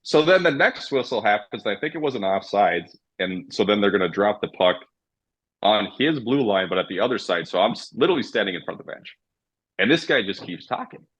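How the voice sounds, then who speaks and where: A man's voice: lowish voice, a little fast, breathy edge, low-quality recording. A man, a former hockey referee, telling casual, profane stories as a podcast guest. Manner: profane, animated anecdotes. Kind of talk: casual storytelling.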